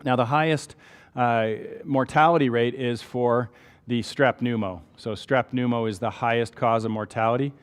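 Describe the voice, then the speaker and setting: A man's voice: mid-range voice, fairly even intonation, moderate pace, clear, resonant tone, big-room sound. A man with a Canadian accent giving a conversational medical lecture, explaining step by step and checking in with rhetorical questions.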